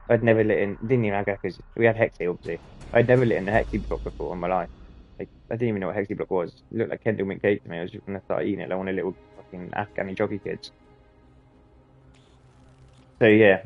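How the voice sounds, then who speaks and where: Low-voiced, sweary man. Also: darkish tone. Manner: rambling, sweary, chuckling often. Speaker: podcast host and army veteran. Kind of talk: casual storytelling.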